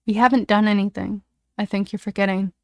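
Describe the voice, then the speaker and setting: A woman's voice: mid-range voice, monotone, very slow, creaky, fairly bright tone, smooth, no room sound, exaggerated voice. A woman voicing a young male hockey player who speaks in a cold, cutting way.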